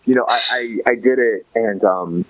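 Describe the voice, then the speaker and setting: A man's voice: on the low side, normal speed, muffled recording, slight background noise. A man from Los Angeles, a podcast guest, talking in a casual, rambling way full of restarts and fillers. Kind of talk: casual chat.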